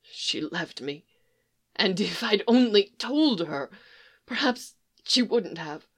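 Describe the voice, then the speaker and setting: A woman voicing a tender-hearted young male faun in a storybook reading, speaking in halting, broken-off phrases. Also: medium pitch, expressive, husky. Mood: tearful.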